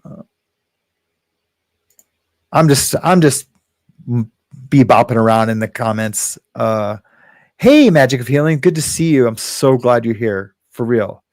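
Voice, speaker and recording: A man hosting a casual livestream, reading viewer comments aloud and rambling with frequent chuckles and halting restarts. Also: mid-range voice, a little mellow, dry recording, studio quality. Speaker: livestream host.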